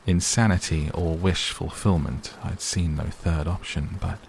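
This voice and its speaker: Deep, gravelly male bedtime narrator. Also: fairly even intonation, a little slow, darkish tone, a little hiss or hum. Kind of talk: bedtime story reading. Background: faint rain.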